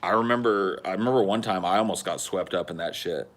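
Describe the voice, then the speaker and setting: Guy in his 30s telling a crazy story on a podcast, swears a ton, yells the quotes. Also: low-pitched, fast talker. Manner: animated, swearing, acts out quotes loudly. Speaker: podcast co-host. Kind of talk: casual storytelling chat.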